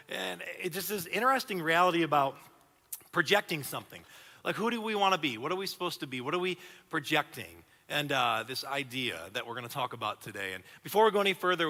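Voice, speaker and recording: Male pastor in his 30s, bright, slightly high voice, lively conversational sermon, long hall reverb. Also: fast talker. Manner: animated, conversational preaching with repeated restarts. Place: church auditorium.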